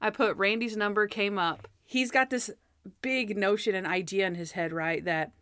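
A young woman in casual conversation tells stories about a TV show and slips into playful impressions of the characters. Her voice is even in pitch and sounds dry and close to the mic. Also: moderate pace, no room sound. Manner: animated retelling, acting out quoted characters in changed voices. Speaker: podcast co-host. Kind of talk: casual chat.

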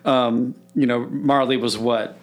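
A man's voice: medium pitch, fairly even intonation, measured pace. Male podcast host, mid-range voice, agreeable and encouraging. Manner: agreeable, encouraging, eager to prompt. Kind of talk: casual interview chat.

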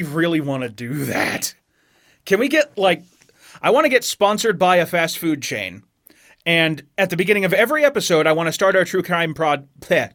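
High-pitched man, animated and crude. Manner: crude, swears freely, riffs on bits with mock ad voices. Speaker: podcast co-host. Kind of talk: casual banter among friends.

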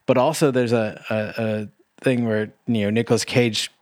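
A man's voice: medium pitch, fairly even intonation, normal speed, dry recording. Young man, podcast co-host, casual movie chat, rambling, filler words, profane, dry close sound. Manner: rambling, full of "like" fillers, profane, laughs often.

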